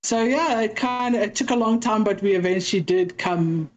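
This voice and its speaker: A woman's voice: mid-range voice, moderate pace, poor audio. A woman from South Africa with a South African accent, chatting as a podcast guest and acting out little exchanges as she tells stories. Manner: chatty storyteller, acts out exchanges with quoted voices. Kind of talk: casual interview chat.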